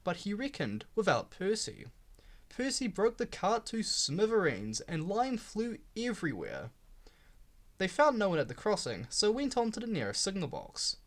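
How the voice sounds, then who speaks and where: A man's voice: sits high, wildly swooping pitch, moderate pace, fairly bright tone. A man reading a children's railway storybook aloud, giving the characters voices. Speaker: storybook reader.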